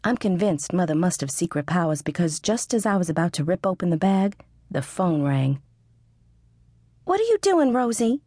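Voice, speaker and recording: A woman's voice: on the low side, brisk, dark tone, no room sound, studio quality. A woman reading a first-person audiobook narration in a wry, sarcastic manner. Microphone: studio close mic.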